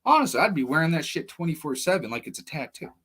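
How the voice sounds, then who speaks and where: A man's voice: on the high side, sing-song, quick pace, a bit bright, husky. A man hosting a livestream, telling personal stories in a rambling, blunt, profane casual monologue. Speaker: livestream host.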